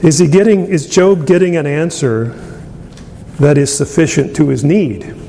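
Gravelly-voiced preacher in a reverberant hall. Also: male voice, a little slow, mellow. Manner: conversational, chuckles often, many fillers. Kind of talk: sermon. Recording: long hall reverb, faint rumble.

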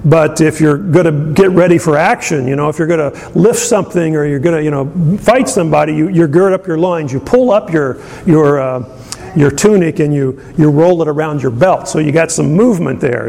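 A man preaching a conversational sermon, chuckling often and filling pauses with ums and uhs. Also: gravelly, darkish tone. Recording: long hall reverb, faint rumble.

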